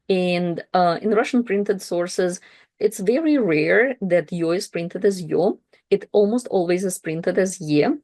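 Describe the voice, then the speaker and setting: A woman teaching a language lesson, carefully slowing down to pronounce each example word. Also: fairly low pitch, darkish tone, no room sound. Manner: careful, slowed pronunciation of example words.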